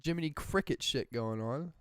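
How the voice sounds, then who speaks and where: Smooth-voiced excitable young podcast host. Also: male voice, medium pitch, normal speed, dry recording, clean studio sound. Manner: enthusiastic, swears freely, laughs often. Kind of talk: casual podcast chat.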